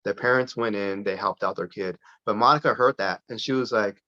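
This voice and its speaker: A man telling a personal story as a guest on a podcast interview, lively and full of restarts. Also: on the low side, a little fast. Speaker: podcast guest, parent advocate. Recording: dull lo-fi sound.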